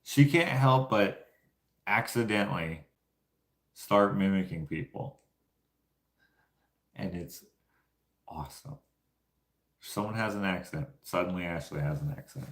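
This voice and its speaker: Canadian male YouTuber, low voice, loose rambling anecdotes in a roomy space. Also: animated, measured pace, long pauses. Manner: rambling, laughs often. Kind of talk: casual storytelling to viewers. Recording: echoey room.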